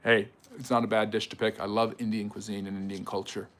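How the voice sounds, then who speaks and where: A man's voice: on the low side, little pitch movement, a bit bright. Chatty man giving a livestream history lecture. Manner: conversational, quick rebuttals with frequent fillers and restarts. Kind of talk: livestream lecture answering chat.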